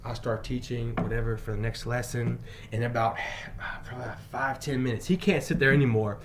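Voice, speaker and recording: A male teacher telling a personal story in an emphatic way, moving between loud bursts and quiet asides. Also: medium pitch, fairly even intonation, brisk, background noise. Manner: frequent fillers and restarts.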